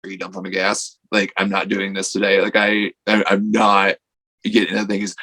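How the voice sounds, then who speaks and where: A man's voice: deep voice, completely flat delivery, moderate pace, bright, forceful tone, poor audio. A man, a wrestler guest on a podcast, telling a casual story with lots of "like" and acted-out quotes. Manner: rambling storytelling full of "like", acting out quotes.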